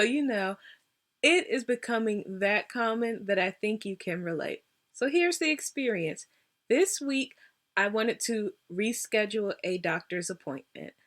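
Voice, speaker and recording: A woman hosting her own vlog, telling a story casually and acting out both sides of a phone call. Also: mid-range voice. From United States. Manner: animated, acts out both sides of phone calls. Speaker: vlog host.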